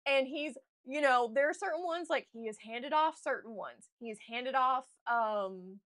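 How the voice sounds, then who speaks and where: Bright, high-voiced woman telling a story. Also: normal speed. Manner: animated, gushing fan storytelling with laughs and restarts. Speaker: author streaming a writing session. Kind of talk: casual storytelling chat.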